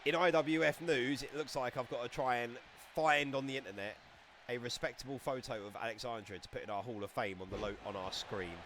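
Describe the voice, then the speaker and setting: A man giving casual, excitable live-stream commentary on a wrestling game, chatting and laughing as he goes. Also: mid-range voice, fairly quick, a little hiss or hum.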